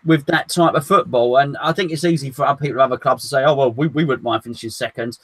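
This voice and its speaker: A man's voice: mid-range voice, fast talker, dry recording. A man co-hosting a casual football fan chat, joking and trading banter with frequent restarts. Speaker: co-host of fan show.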